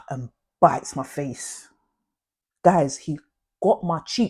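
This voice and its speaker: Husky woman telling stories. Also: sits low, takes it slowly. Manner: animated, slangy, addresses viewers directly. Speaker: vlogger. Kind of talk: casual storytime monologue.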